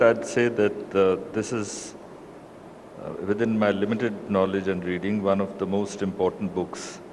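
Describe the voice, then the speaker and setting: A man with an Indian accent gives panel remarks in a deliberate, emphatic manner with frequent hesitations. His voice sits somewhat low and carries a long hall reverb. Faint ambient noise fills the room behind him. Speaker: panelist discussing a book.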